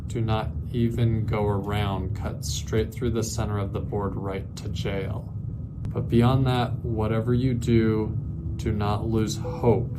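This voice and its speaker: A man delivering an earnest, dramatic mock motivational speech with a deadpan edge. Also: on the low side, slow pace, heavy background noise.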